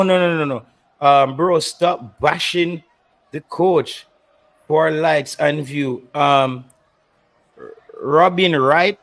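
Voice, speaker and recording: A young Jamaican man hosting a football channel, answering viewer comments live, switching between patois and English with a mocking, indignant manner. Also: fairly high pitch.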